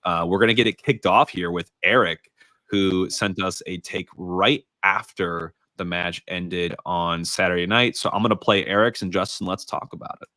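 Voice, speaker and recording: A low-voiced man with a Midwest accent, talking in a dry, close sound. He co-hosts a podcast and chats emphatically, working in ad reads. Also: moderate pace, dry recording. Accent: American Midwest. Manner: animated, emphatic, laughs easily. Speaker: podcast co-host. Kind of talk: casual sports podcast chat with ad reads.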